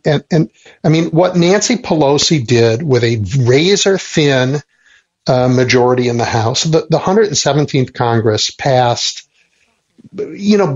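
A man hosting a radio talk show, questioning and pushing back on his guest. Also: mid-range voice. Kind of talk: radio interview conversation. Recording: dull lo-fi radio sound.

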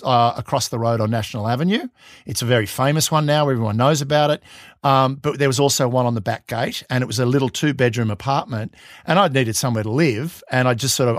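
A man's voice: medium pitch, dry recording, clean studio sound. A middle-aged Australian man, a podcast guest, telling self-mocking stories in casual chat and acting out the voices he quotes. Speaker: podcast guest, former intelligence officer.

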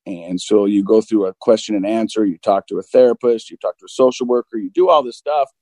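Mid-forties male guest, mellow, dark timbre, open and self-deprecating storyteller, dry close recording. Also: on the low side, fairly quick, no echo, poor audio. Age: 40s. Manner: open and self-deprecating, acts out both sides of dialogue. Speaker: guest recounting recovery. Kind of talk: candid conversational storytelling.

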